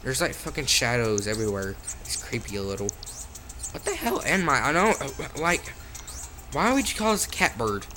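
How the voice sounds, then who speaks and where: Foul-mouthed man yelling over phone game. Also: mid-range voice, big pitch swings, moderate pace, slight background noise. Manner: swears constantly, with sudden frustrated outbursts. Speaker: mobile gamer. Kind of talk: profane let's-play commentary.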